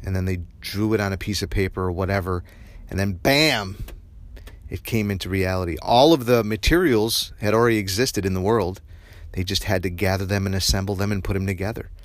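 A man's voice: on the low side, no room sound. A man hosting a podcast, giving an earnest, reflective spiritual self-help tip. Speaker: podcast host.

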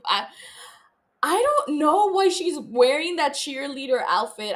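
A woman's voice: a little high, fairly bright tone. A young woman hosting a podcast, chatting casually about a TV show. She rambles, laughs often and swears freely. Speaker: podcast host. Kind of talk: casual TV recap chat.

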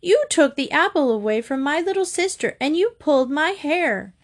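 A woman voicing a young schoolgirl in a storybook reading, shrieking in high, protesting tones. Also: very animated, normal speed. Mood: indignant. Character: young schoolgirl, shrill and indignant.

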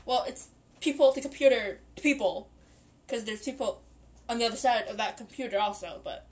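A woman's voice: fairly high pitch, fairly quick, a little mellow. A woman in her twenties hosting a podcast, telling a story in a rambling, giggly way and correcting herself often. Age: 20s. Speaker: podcast host.

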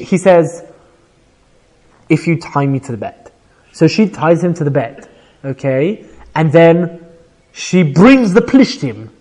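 A man teaching an informal Bible class, retelling the story with energy, quoting Hebrew verses and checking in with "right?" as he goes. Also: a little high. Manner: animated storytelling, quotes Hebrew verses then paraphrases, frequent "right?".

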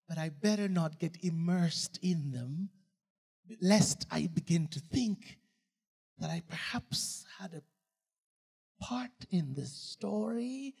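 A man preaches in a large hall, repeating his points and hitting them with sudden loud bursts. His voice sits high for a man, and a long reverb rings around every phrase. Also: unhurried, creaky, pauses often, breathy edge. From Uganda. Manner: emphatic and repetitive, with sudden bursts of loud emphasis. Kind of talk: sermon.

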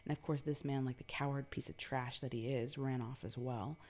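A woman's voice: extremely low pitch, steady tone, fairly quick, a little mellow. A woman from New York telling a personal story in a casual, chatty way, with lots of fillers and some swearing.

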